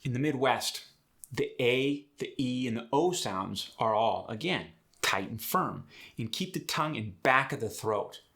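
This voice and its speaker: A man hosting an accent tutorial as a dialect coach, explaining sounds in a brisk, instructive way. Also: mid-range voice, animated, fairly bright tone.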